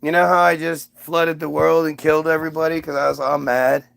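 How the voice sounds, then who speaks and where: A man's voice: a little high, little pitch movement, a little fast, creaky, a bit bright, smooth. A man doing a curt, impatient god. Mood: offhand. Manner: curt, casual, exasperated. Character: blunt impatient male god.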